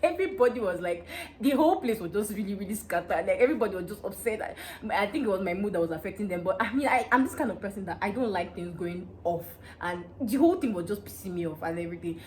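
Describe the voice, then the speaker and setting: This is a young woman with a Nigerian accent, recounting a personal story for her vlog audience. She speaks at a rapid clip in a mid-range voice, animated and excitable. A faint hum of room ambience sits under her voice. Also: medium pitch. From Nigeria, Delta State. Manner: animated and excitable, breaks into laughter. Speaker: vlogger. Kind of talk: casual storytelling gist.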